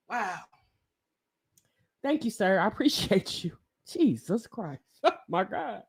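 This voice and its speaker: A woman hosting a casual livestream, talking excitedly to her viewers and calling them honey and baby. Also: medium pitch, unhurried, gravelly, pauses often, breathy edge. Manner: excitable, exclaiming and laughing with viewers. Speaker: livestream host.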